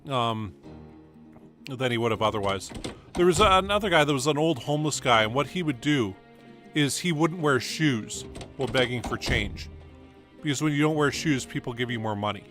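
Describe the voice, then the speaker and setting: A man with a bright, forward voice rambles through loose anecdotes while playing a game, stumbling over restarts and "uh"s. Faint game music sits quietly behind him. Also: medium pitch, expressive, normal speed. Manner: meandering, full of fillers and restarts. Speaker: gaming streamer. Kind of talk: rambling casual storytelling over gameplay.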